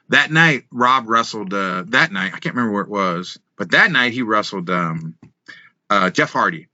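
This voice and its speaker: Male podcast guest, bright forceful tone, dry slightly dull lo-fi sound, animated storyteller. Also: medium pitch, moderate pace, no echo. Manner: animated, laughing, swears freely. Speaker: wrestling guest. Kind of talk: casual storytelling.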